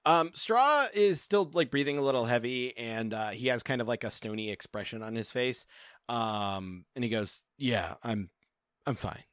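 A man's voice: medium pitch, expressive, normal speed, fairly bright tone, clear, resonant tone, dry recording, clean studio sound. A man playing a tabletop game, narrating his character's actions hesitantly with many fillers. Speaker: player. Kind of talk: casual narration of play.

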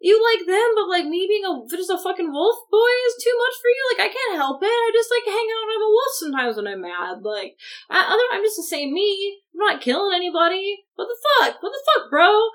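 A woman voicing an angry teenage werewolf boy who swears and shouts in high-pitched indignation. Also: level tone, moderate pace, few pauses, close to an everyday voice. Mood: indignant.

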